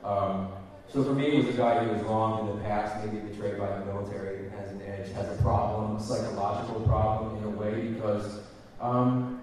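Male panelist, low and relaxed, heard far off in a reverberant hall. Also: moderate pace, hardly any pauses. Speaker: panel guest actor. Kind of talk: casual convention panel talk. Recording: echoey hall, mic from far off.

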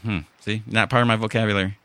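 A man with a Chicago accent talks in a lowish voice that has a bright, forceful edge. His rambling, restart-heavy podcast chat sounds close and dry. He keeps circling back to finish his thought. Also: level tone, quick pace, no echo. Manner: rambling, many restarts and fillers. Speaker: podcast host. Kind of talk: casual chat.

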